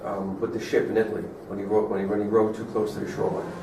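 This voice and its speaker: A man's voice: fairly low pitch, level tone, very fast, creaky, dark tone. A man, a student in a class discussion, building an argument with examples. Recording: echoey room, far from mic, faint noise.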